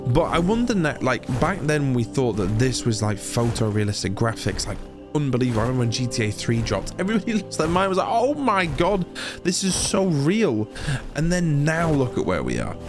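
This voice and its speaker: A man's voice: mid-range voice, very animated, fast talker, music in the background. A man from England giving casual, rambling commentary while playing a video game, swearing now and then. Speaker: gaming YouTuber.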